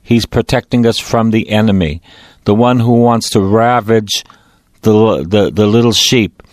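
A middle-aged priest preaching a sermon, emphatic and repetitive, with a preacher's cadence. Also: male voice, on the low side, fairly even intonation, unhurried, no echo.

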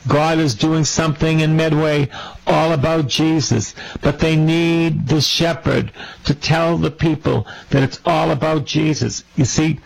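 A man's voice: on the high side, steady tone, measured pace, vocal fry, low-quality recording. A man preaching a sermon as a priest, fervent and repeating his phrases for emphasis.

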